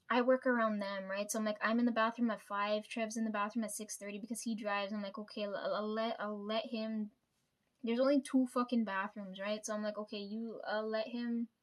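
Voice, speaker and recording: A young woman vlogging casually to her viewers, venting about family with lots of swearing and "right?" tags. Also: mid-range voice. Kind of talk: casual personal vlog.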